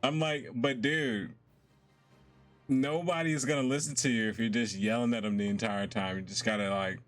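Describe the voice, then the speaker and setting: A man's voice: mid-range voice, steady tone, moderate pace. A young man chatting casually and laughing often while he streams a game. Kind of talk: casual live-stream chat while gaming. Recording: faint game music behind.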